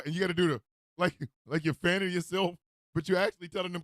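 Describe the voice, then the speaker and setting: A male radio host delivering an animated, comedic rant with frequent laughter. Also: sits high, quick pace, no echo, studio quality. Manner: animated, loud, laughs often, acts out street calls.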